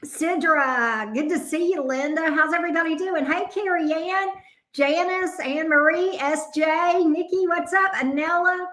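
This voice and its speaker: Southern woman, tarot stream host, bright voice, upbeat casual greetings. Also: very high-pitched, unhurried. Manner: upbeat, greets viewers by name. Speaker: tarot reader hosting a live stream. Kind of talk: casual live stream chat.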